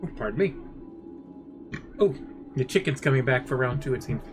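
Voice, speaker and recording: A man streaming a game talks to himself in a lively voice that jumps up and down in pitch. He mutters, swears freely and lets out sudden outbursts. Game music plays clearly behind him. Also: moderate pace. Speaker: streamer playing a horror game. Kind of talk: casual gameplay commentary.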